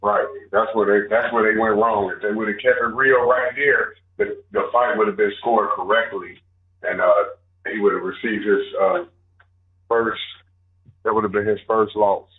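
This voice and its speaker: A man co-hosting casual sports talk, joking and exaggerating in an animated way. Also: fairly low pitch, measured pace, narrow, tinny audio. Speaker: co-host.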